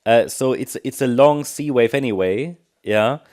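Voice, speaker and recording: A man walks through a market chart in a relaxed, unscripted way. He talks at a medium pitch, hesitating with ums and correcting himself as he works through his points. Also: measured pace. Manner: thinking aloud with many ums and restarts. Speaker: market analyst. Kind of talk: technical analysis commentary.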